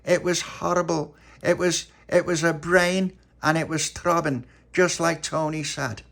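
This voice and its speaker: A man voicing an excitable, nervous young girl who talks breathlessly and dramatically. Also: a little high, unhurried, vocal fry, voice pushed up. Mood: dramatic.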